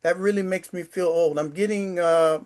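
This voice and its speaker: A man's voice: high-pitched, fairly even intonation, moderate pace, a little mellow. Emotional older man in his sixties. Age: 60s. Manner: rambling, emotional, with stammers and restarts. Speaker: retired sixth grade teacher. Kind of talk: casual storytelling to camera. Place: his apartment.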